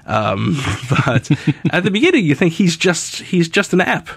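A man's voice: fairly high pitch, very animated, unhurried, gravelly, breathy edge, no room sound. A man hosting a casual podcast, chatty, laughing often and acting out characters' lines as he recaps an episode. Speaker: podcast host.

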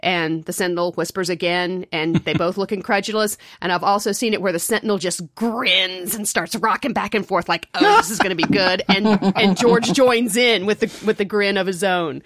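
A woman in casual podcast chat, animated and quick to laugh. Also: mid-range voice. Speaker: podcast panelist.

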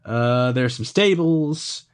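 Male game master, halting, animated delivery. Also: medium pitch. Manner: hesitant, many fillers. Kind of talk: narrating a tabletop game.

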